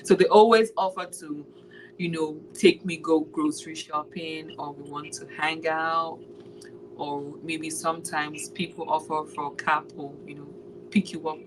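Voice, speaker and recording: Nigerian woman teacher, animated storyteller, slightly low voice, casual interview. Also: unhurried, noisy background. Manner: animated storyteller, laughs while retelling classroom moments. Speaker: special education maths teacher.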